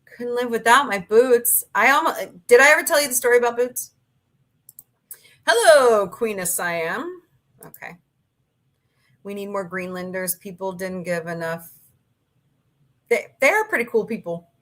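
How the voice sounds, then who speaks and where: A woman's voice: a little high, lively intonation, a little slow, long pauses, a bit bright. A middle-aged woman hosting a casual livestream, chatting and rambling through stories with her live chat. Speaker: livestream host.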